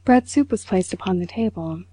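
Mellow-voiced woman reading a story. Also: medium pitch, expressive, moderate pace, breathy edge, dry recording, poor audio. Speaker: audiobook reader. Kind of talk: scripted narration.

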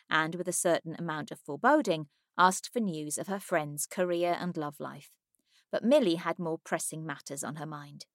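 A woman narrating an audiobook in a measured, even storytelling manner, close to a studio mic. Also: sits low, no echo. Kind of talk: scripted narration.

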